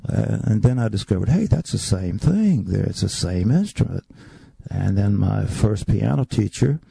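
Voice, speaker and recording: An older man looks back on his childhood, his voice low in tone and gravelly with fry. He speaks dry and close, as an interview guest spinning stories. He slips into the voices of the people he remembers. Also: animated, moderate pace, mellow, no room sound. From North Carolina. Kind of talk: storytelling interview.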